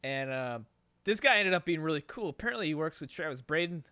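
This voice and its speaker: A man's voice: a little high, fast talker, clear, resonant tone, no echo. A man hosting a podcast, telling a long story casually with constant swearing and rambling asides. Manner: profane, rambling, animated storytelling. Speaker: podcast host.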